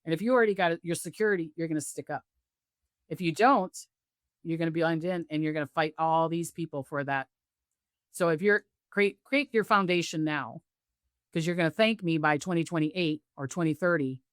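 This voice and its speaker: A woman guest, a psychic medium, telling stories on a video call and acting out the voices of others with big jumps in pitch. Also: a little fast, no room sound, studio quality. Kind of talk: animated storytelling interview.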